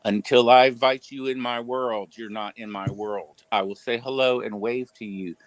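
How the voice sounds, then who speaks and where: A man's voice: mid-range voice, fairly even intonation, normal speed, no echo. Profane, stammering man telling stories. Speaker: streamer. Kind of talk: casual storytelling on a livestream.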